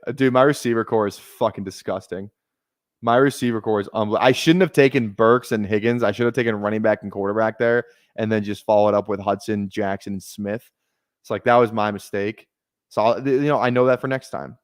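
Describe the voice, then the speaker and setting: A man's voice: lowish voice, a little fast, no echo. A young man casually commenting on a live fantasy football draft stream, rambling, repeating himself and swearing freely.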